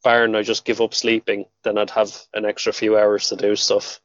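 A man's voice: on the low side, normal speed, no room sound. Easygoing man hosting a podcast. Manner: relaxed, plain-spoken, swears casually. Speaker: podcast host. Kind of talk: casual podcast chat. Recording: dull, dry lo-fi sound.

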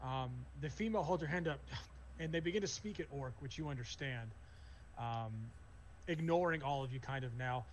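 A man's voice: medium pitch, moderate pace, a little hiss or hum. A man narrating as game master, casual and full of fillers. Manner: loose, filler-heavy narration.

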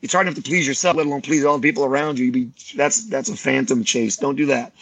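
Husky-voiced man telling animated stories. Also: medium pitch, fast, no room sound, poor audio. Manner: animated storyteller, acts out other people's lines. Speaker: martial arts teacher, podcast guest. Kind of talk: casual podcast conversation.

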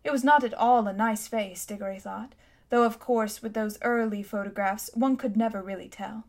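A woman narrating a children's storybook in a calm, measured way. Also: mid-range voice. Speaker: audiobook narrator. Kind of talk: scripted narration.

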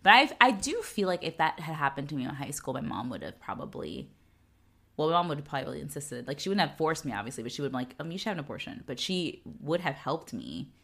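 A woman co-hosting a podcast, recapping episodes in casual chat, animated and laughing often. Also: low voice, fast talker. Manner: animated, laughs often, acts out characters' lines. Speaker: podcast co-host.

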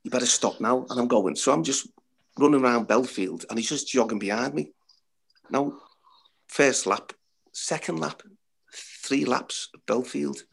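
A man's voice: medium pitch, measured pace, creaky, long pauses, husky. A middle-aged man, a former footballer, telling blunt, swearing anecdotes and laughing at his own stories. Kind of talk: anecdotal storytelling.

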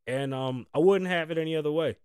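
A man's voice: on the high side, brisk, a little mellow, clear, resonant tone, no echo. Man, podcast host, casual storytelling, profane, laughs often, dry mic. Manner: loose, profane, laughing as he talks.

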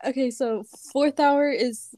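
Young woman, somewhat high voice, casual podcast chat, playful, chatty. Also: steady tone, slow pace, mellow. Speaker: podcast co-host.

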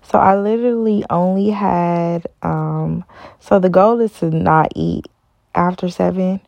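A woman's voice: on the low side, gravelly, mellow, dry recording, lo-fi sound. A tired woman hosting a casual solo podcast, rambling with many ums and stopping to correct herself. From Los Angeles area. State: tired, yawning. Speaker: podcast host.

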